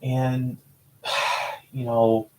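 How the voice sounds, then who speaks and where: In poor audio, a man with a mid-range, monotone voice speaks very slowly as he recalls interviewing people for his school newspaper. His vlog is casual and heartfelt, rambling with frequent restarts and occasional swearing.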